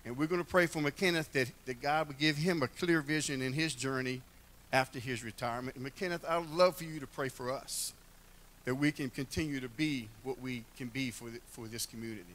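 A man's voice: medium pitch, a little fast, a bit bright. An older man giving a heartfelt church address, telling folksy stories with humor. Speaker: church member speaking at a retirement celebration.

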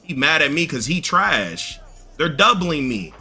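Bossy trash-talking man, very bright voice. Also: a little high, very animated, measured pace, faint music behind. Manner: bossy, berating, repeats insults. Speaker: gaming video host. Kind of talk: scripted trash-talk over game chat.

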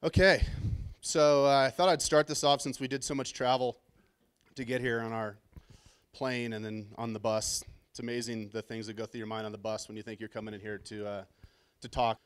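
A man's voice: mid-range voice, flat delivery, moderate pace, clean tone. Nervous joking man giving a keynote. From Southern California. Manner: nervous, self-deprecating, joking. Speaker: conference keynote speaker. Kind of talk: casual storytelling keynote talk. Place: conference stage.

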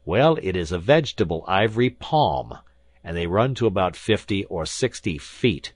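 A man's voice: low voice, very animated, moderate pace, breathy edge, dry recording, exaggerated voice. A man voicing an arrogant, bombastic older professor who lectures with scorn. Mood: scornful.

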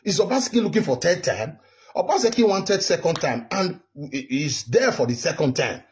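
A man's voice: on the high side, lively intonation, moderate pace, a little mellow, slight background noise. A Nigerian man in his fifties from Edo State, delivering an indignant political rant straight to camera. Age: 50s. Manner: heated, indignant, repetitive. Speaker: political commentary vlogger. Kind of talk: direct-to-camera political monologue.

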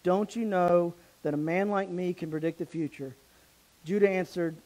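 A man's voice: sits high, normal speed, darkish tone, low-quality recording. A man, a pastor, preaching a sermon, reading scripture aloud and then commenting on it in a casual, conversational way. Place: church sanctuary.

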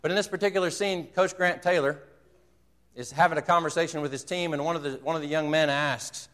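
A man's voice: a little high, fast, fairly bright tone, big-room sound. A man preaching a sermon, earnestly retelling a movie scene and quoting its dialogue. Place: church sanctuary.

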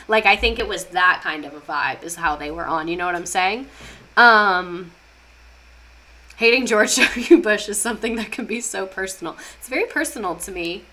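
Bright-voiced chatty young woman. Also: medium pitch, lively intonation, normal speed. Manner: chatty, sarcastic, reads chat aloud. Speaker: streamer teaching history. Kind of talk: casual livestream history lesson.

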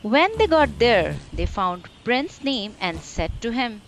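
A woman reading a children's storybook aloud in a gentle, expressive, sing-song way. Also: a little high, slow pace, few pauses, a little hiss or hum.

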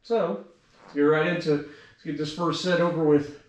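A man's voice: on the high side, fairly even intonation, moderate pace. A man vlogging a sit-up workout, counting reps aloud and out of breath between sets. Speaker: fitness vlogger. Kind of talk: counting sit-ups on camera. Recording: echoey room, mic far off, noisy.

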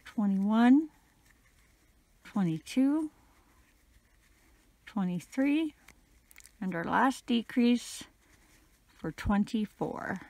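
A woman teaching a crochet pattern, counting stitches out loud, her voice a little crackly today. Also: medium pitch, dry recording. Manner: slow, steady counting. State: slightly crackly voice. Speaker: crochet instructor.

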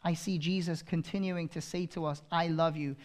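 A male pastor preaching a sermon, swinging from loud proclaiming to hushed intensity and repeating phrases for emphasis. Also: on the high side, steady tone, moderate pace.

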